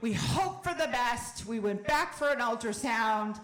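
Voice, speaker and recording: Animated woman comic in a roomy club. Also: a little high, a little slow. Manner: animated, with loud shouted bursts and wry asides. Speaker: stand-up comedian. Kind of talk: stand-up comedy set. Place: comedy club.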